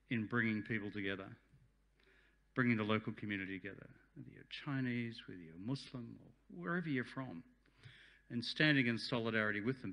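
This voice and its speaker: An Australian man in his sixties giving a chatty, joking speech at a community function. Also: on the low side. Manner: chatty, jokey, warm-hearted. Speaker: guest speaker. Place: function hall.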